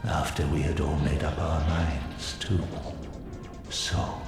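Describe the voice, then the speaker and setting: A whispering, gravelly villager. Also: male voice, a bass voice, level tone, slow pace, full character voice. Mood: pleading. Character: desperate whispering rot-afflicted male villager pleading for fire. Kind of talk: video game voice acting. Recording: echoey game audio with loud music.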